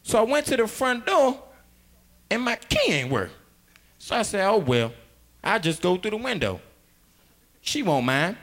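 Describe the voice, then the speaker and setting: Young male stand-up comic, high bright voice, loud and rowdy, laughs through his bits. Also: huge pitch swings, a little slow, long pauses. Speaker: stand-up comedian. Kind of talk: stand-up comedy set.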